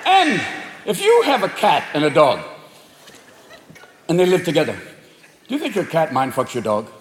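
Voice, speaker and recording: A man doing stand-up comedy on stage, profane and animated, shouting punchlines. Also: a little high, moderate pace, noisy background. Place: large venue with audience. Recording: echoey hall, loud crowd laughter.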